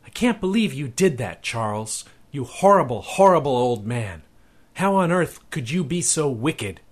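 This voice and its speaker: A man voicing an older wife who scolds her husband, raising his voice high and loud in exasperation. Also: big pitch swings, moderate pace. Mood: scolding.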